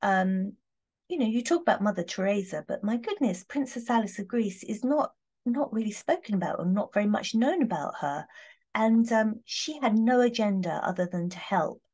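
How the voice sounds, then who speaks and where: A woman chatting warmly through a tarot reading, heartfelt, with many fillers and restarts. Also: medium pitch, expressive, normal speed, breathy edge. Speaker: tarot reader. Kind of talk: casual tarot reading talk.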